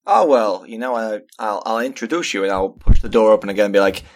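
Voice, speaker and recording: A man playing at a tabletop game, playful and animated. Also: fairly low pitch, fast, few pauses. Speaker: player. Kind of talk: tabletop role-play.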